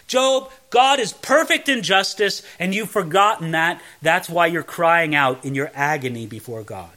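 A man's voice: sits high, big pitch swings, moderate pace, hardly any pauses, pushed and bright. A man teaching the Bible verse by verse in a conversational way, reading a passage and then explaining it.

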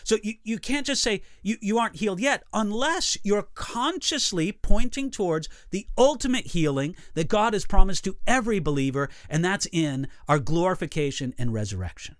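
A man, a pastor, giving a measured, emphatic teaching talk with repeated phrases for emphasis. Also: high voice, lively intonation, dry recording, studio quality. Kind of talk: teaching a livestream Bible talk.

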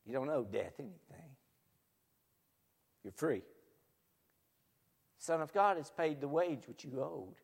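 A man preaching a sermon, swinging from loud proclamation to hushed near-whispers, recorded in a church sanctuary. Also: on the high side, animated, slow pace, vocal fry, long pauses, husky. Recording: long hall reverb.

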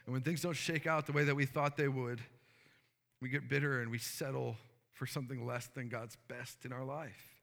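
Male pastor, earnest sermon storyteller, gravelly voice, long hall reverb. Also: medium pitch, steady tone, moderate pace, fairly bright tone. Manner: storytelling, earnest, many fillers.

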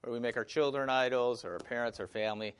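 A man's voice: mid-range voice, fairly even intonation, fast, clear, resonant tone. A man with a Wisconsin accent teaching a Bible study class, speaking conversationally with fillers and questions to the group.

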